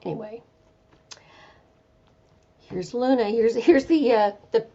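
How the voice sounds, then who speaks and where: A woman's voice: fairly high pitch, animated, normal speed, long pauses, mellow, lo-fi sound. A woman hosting a casual live chat from home, chatty and meandering, with an easygoing manner. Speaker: live stream host.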